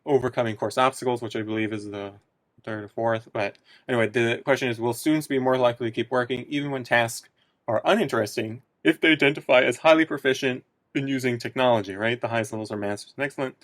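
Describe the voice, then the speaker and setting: Man giving a halting research talk. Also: medium pitch, a bit bright, dry recording. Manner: hesitant, many fillers and restarts. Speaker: student researcher presenting a study. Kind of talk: recorded research presentation.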